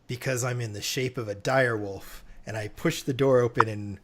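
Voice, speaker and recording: A man's voice: mid-range voice, steady tone, normal speed, background noise. A man playing a tabletop game, describing his actions casually and eagerly. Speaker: player.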